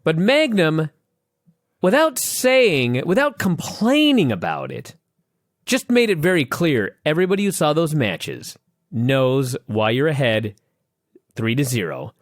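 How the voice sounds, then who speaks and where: A man's voice: fairly high pitch, measured pace, no room sound, studio quality. A man co-hosting a casual podcast, joking and swearing freely as he talks. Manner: animated, profane, joking. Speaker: podcast co-host. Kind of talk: casual chat.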